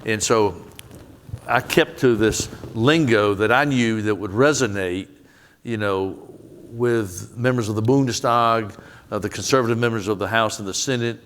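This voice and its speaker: A man with a Southern US accent, answering questions earnestly in a public onstage conversation, with folksy, quick quoted asides. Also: lowish voice, a bit bright, a little hiss or hum. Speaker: guest, head of an aid agency.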